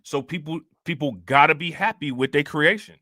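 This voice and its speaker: Slangy male livestream host, bright and dry. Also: fairly high pitch, fairly quick, no echo. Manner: loose slangy talk, constant "you know what I'm saying". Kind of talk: casual livestream chat.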